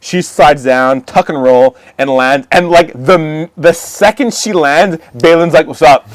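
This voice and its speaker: A man's voice: on the high side, unhurried, no echo, clean studio sound. A man co-hosting a casual podcast, recapping an episode and acting out the characters' lines with lots of laughing. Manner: animated, acts out characters' lines while retelling, laughs often. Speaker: podcast co-host. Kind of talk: casual chat recapping a show.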